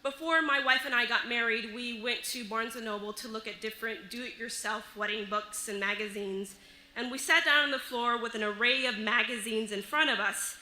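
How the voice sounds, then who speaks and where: A woman telling a personal story on stage, lively and often laughing as she goes. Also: a little high, moderate pace, reverberant, poor audio. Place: live stage show.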